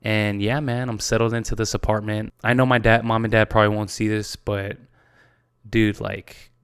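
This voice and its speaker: Lockerer junger Mann, tiefe, glatte Stimme. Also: male voice, on the low side, level tone, normal speed, clear, resonant tone, no echo, studio quality. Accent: American. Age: 20s. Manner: casual, swears a lot, says "dude" often; gets tearful and emotional. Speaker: podcast host. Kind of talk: casual solo podcast talk.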